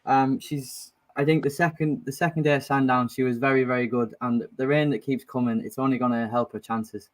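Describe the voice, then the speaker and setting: A man's voice: mid-range voice, steady tone, a little fast, few pauses. A man who rides as a jockey, earnestly making his case in a casual racing panel.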